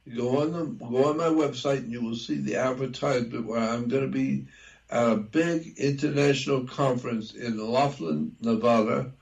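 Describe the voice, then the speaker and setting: An older man talking in an interview, slow and repetitive, lecturing as he explains. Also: medium pitch, creaky, a little mellow, poor audio. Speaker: guest researcher. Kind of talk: conversational interview.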